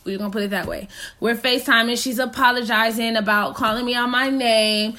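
A woman's voice: a little high, a little fast. A young adult woman telling a personal story in casual, slangy chat, leaning heavily on "like.". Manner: animated, slangy, heavy on "like".

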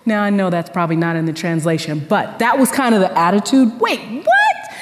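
A woman pastor preaching a sermon in an animated, conversational storytelling way with casual slang, in a church sanctuary. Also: on the low side, fast, in a large hall.

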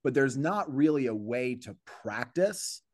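A man's voice: medium pitch, expressive, measured pace, darkish tone, no room sound. A man, a comedian, telling a story in a casual podcast conversation, acting out the voices of people in it and restarting his sentences often. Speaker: comedian guest.

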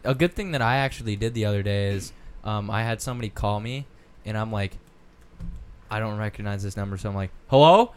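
A man's voice: lowish voice, quick pace, clear, resonant tone. Young man telling crude stories. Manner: crude, storytelling, acts out quoted callers. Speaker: podcast host. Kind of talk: casual podcast banter.

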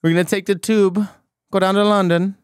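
A man voicing a cheery Englishman in a clumsy, exaggerated mock Cockney accent, pitched well above his own voice. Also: level tone, fairly quick, smooth, no echo, clean studio sound, close to an everyday voice. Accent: mock Cockney, poorly done. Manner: high, bouncy, exaggerated.

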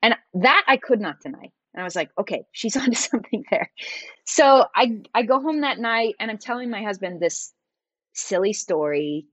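Lively woman guest telling her story. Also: medium pitch, normal speed, no echo. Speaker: podcast guest. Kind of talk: conversational storytelling.

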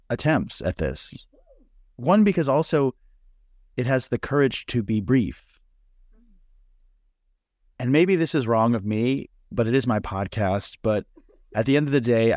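Man podcast host, deadpan, mock-serious teasing, mid-pitched voice, dry close mic. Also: dry recording. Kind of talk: casual podcast interview.

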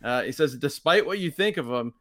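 A man's voice: medium pitch, animated, fairly quick, a bit bright. A man hosting a casual podcast, chatting wryly and dropping dry asides. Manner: wry, quotes lines in mock voices, dry asides. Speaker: podcast host. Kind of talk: casual chat reviewing old wrestling.

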